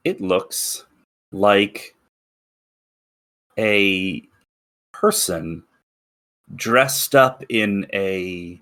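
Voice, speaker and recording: A man's voice: low voice, lively intonation, drawn-out words, pauses often, fairly bright tone. A man narrating as game master, describing scenes in a rambling way with many restarts. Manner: rambling, full of fillers and restarts while describing.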